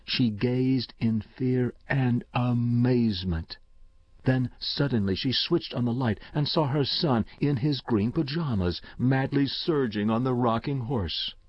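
A man reading a story aloud as narrator in a measured, steady way. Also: mid-range voice, no echo. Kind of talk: audiobook reading. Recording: slightly dull dry recording.

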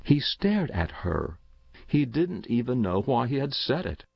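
A man narrating a short story in a slow, unhurried reading. His voice is gravelly and moves expressively up and down. The sound is dry and slightly muffled. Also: mid-range voice, very animated, no room sound.

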